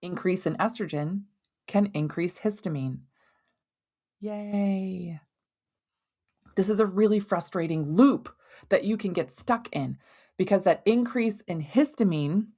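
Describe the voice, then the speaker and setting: A woman hosting a health podcast, explaining in a conversational, animated way and leaning on everyday analogies. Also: mid-range voice, normal speed. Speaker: podcast host and hormone health doctor. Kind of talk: educational podcast monologue.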